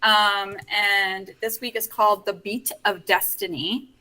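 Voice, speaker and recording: A bright, forward-sounding woman co-hosting a casual live stream. She jokes, teases and swears freely, talking in an easy chat style. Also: mid-range voice, steady tone, measured pace, rough recording. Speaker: co-host of fan live stream.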